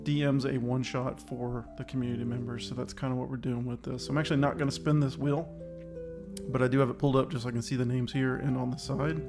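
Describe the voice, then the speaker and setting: A man's voice: mid-range voice, little pitch movement, fast. A man co-hosting a casual online chat show, rambling and upbeat, a little out of breath, with music playing underneath. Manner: rambling, self-aware, upbeat. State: slightly out of breath. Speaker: podcast co-host.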